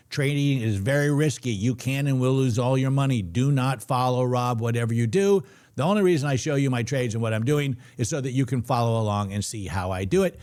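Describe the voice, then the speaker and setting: A man's voice: mid-range voice, darkish tone. Chatty middle-aged man hosting a trading stream. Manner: chatty, jokey, reads chat aloud. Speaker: trading show host. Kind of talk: casual live-stream chat.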